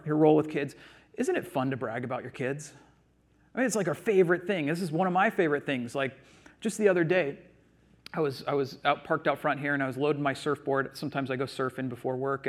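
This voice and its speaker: A male pastor with a slightly higher voice preaches in church. He talks casually and with animation, full of "like" and little restarts, as if he were chatting with the congregation. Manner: animated, conversational, many "like" fillers. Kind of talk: sermon with personal storytelling.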